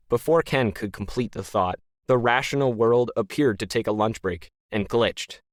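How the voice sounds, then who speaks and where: Male narrator, wry deadpan storytelling, mid pitch, dry close recording. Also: normal speed, few pauses, no echo. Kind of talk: scripted narration.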